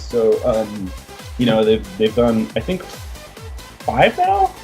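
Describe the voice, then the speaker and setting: Low-pitched guy, rambling podcast guest, faint music behind. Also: wildly swooping pitch, slow pace, pauses often, mellow. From Portland, US. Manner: chatty, rambling storyteller with many fillers. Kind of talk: casual podcast chat.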